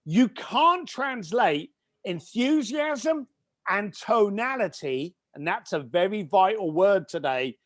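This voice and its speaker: A man's voice: high voice, expressive, takes it slowly, fairly bright tone, no echo, studio quality. A middle-aged man with a British accent, giving emphatic, enthusiastic business advice as an interview guest.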